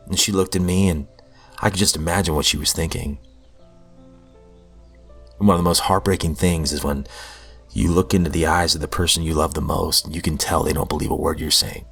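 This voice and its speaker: A man's voice: very deep voice, steady tone, a little fast, creaky, fairly bright tone, breathy edge, soft background music. A man hosting a recovery podcast, telling his own story in an earnest, heartfelt, self-deprecating way. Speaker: podcast host. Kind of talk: personal recovery testimony.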